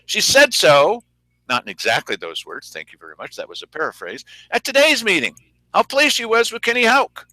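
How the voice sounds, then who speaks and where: A man's voice: high-pitched, huge pitch swings, a little fast, sharp tone, no room sound, low-quality recording. A man co-hosting a local news show, commenting sarcastically on clips in casual talk and laughing often.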